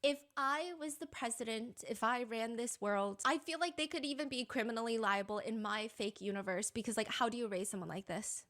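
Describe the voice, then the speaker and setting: A young woman with a somewhat high voice talks through a true-crime story in a casual commentary. She reads text messages aloud with animated indignation and keeps a chatty tone throughout. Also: a little fast, few pauses. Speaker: commentary channel host.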